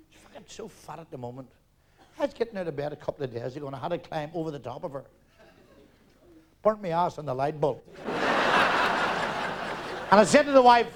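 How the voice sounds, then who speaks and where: Northern irish comic in his 60s, high voice, live stage act, firing off gags and doing all the voices. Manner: rapid joke-telling, acting out characters in dialogue. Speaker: stand-up comedian. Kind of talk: live stand-up routine.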